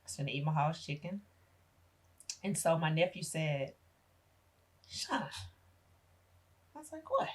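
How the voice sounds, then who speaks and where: A woman's voice: low-pitched, big pitch swings, fairly quick, long pauses, husky. A middle-aged woman, a podcast guest, telling a painful personal story with emotion and acting out the voices of family members.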